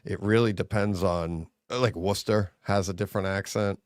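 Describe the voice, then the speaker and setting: A man from New England co-hosting a live stream, chatting casually and thinking out loud with lots of restarts. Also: low voice, fairly even intonation, normal speed, no echo, clean studio sound. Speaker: co-host.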